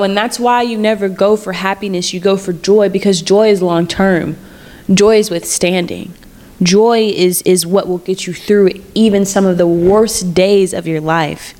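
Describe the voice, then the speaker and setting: A woman in her twenties hosts a personal storytelling podcast at an ordinary pitch. She speaks candidly and conversationally. She often repeats words and phrases for emphasis. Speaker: podcast host.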